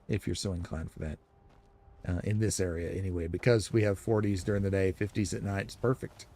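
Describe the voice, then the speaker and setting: A man's voice: fairly low pitch, darkish tone. A man giving casual, rambling commentary while streaming a video game. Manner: chatty, rambling, explanatory. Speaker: gaming streamer.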